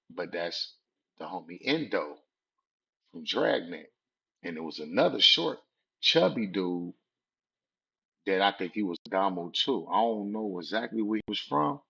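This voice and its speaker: Here the same forties vlogger from Southern California relaxes into street slang for a personal story, his lowish voice carrying vocal fry, a fairly bright tone, and slight roughness. It's captured on a dull, lo-fi recording.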